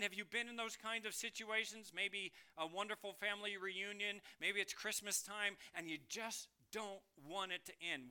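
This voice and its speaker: A man preaching a sermon, lively and questioning, reading scripture aloud and asking the congregation questions. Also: high-pitched, smooth. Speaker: pastor.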